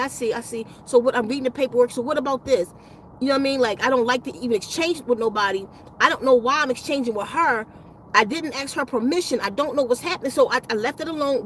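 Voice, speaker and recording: A woman's voice: high voice, a little hiss or hum, low-quality recording. A woman who hosts a spiritual healing channel, telling a rambling, profane story in a casual livestream chat. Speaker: spiritual healer and channel host.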